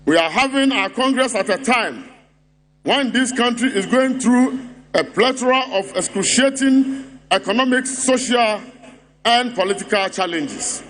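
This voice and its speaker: A man with a Ghanaian English accent addresses a political congress in a rally speech. His voice sits high, and his delivery is rhetorical and mocking, hammering the same word again and again. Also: a little slow, fairly bright tone. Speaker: political speaker at party congress.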